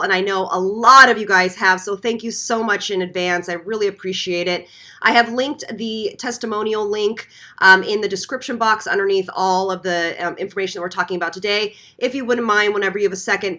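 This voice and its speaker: A woman's voice: medium pitch, pushed and bright. A woman hosting a live stream, chatting casually and greeting viewers one by one by name. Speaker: beauty channel host.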